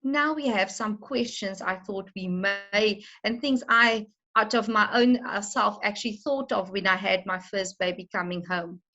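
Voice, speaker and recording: A middle-aged woman from South Africa, a maternity nurse gently and reassuringly teaching parents how to care for a newborn. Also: medium pitch, fairly even intonation, unhurried, few pauses, muffled recording. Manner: gentle, reassuring, addresses listener as mommy. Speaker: antenatal class nurse. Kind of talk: instructional talk to parents.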